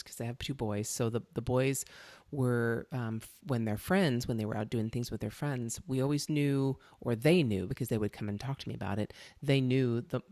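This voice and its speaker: A middle-aged woman hosting a podcast, telling stories in a chatty, animated way. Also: rumbling low, no room sound. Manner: chatty storyteller, animated when excited. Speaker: podcast host. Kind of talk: casual interview chat.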